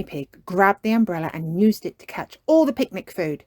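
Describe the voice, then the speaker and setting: A woman reading a children's storybook aloud, gentle and unhurried. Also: fairly low pitch, animated, dry recording, clean studio sound.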